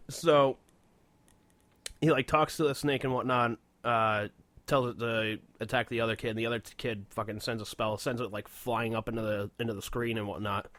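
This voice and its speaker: A man's voice: mid-range voice, fairly even intonation, normal speed, fairly bright tone, dry recording. Rambling foul-mouthed young man. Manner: rambling, swears a lot, laughs at own jokes. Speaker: podcast co-host. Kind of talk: casual profane chat.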